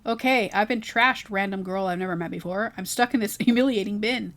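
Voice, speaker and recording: A woman's voice: medium pitch, fairly quick, natural voice. Woman doing a grumpy old-timey guy, snappy and cranky. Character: grumpy old-fashioned man stuck in a bin.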